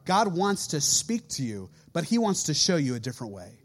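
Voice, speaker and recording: Animated high-voiced preaching man. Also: moderate pace, husky. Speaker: youth pastor. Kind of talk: sermon.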